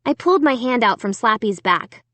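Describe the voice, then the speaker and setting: A woman reads a storybook aloud in an expressive first-person narration, her pitch rising and falling with lively swings. Her fairly high voice is heard close and dry. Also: moderate pace, no room sound. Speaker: audiobook reader.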